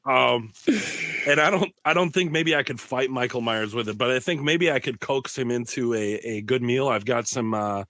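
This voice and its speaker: A man's voice: medium pitch, normal speed, a bit bright, no echo, studio quality. A young man with a Minnesotan accent co-hosting a casual podcast, laid-back and self-deprecating, stammering through restarts. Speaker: podcast co-host.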